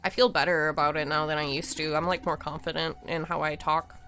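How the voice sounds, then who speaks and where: A woman's voice: low-pitched, flat delivery, brisk, fairly bright tone, soft background music. A woman live-streaming a game, chatting and giggling with viewers as she reads the game's lines aloud. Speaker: streamer playing a visual novel.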